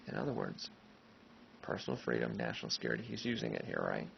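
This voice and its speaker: A man's voice: rumbling low, huge pitch swings, fairly quick, gravelly. A male history teacher giving a casual, conversational classroom lecture who keeps checking in with his listeners, on a dull lo-fi recording. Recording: dull lo-fi recording, faint noise.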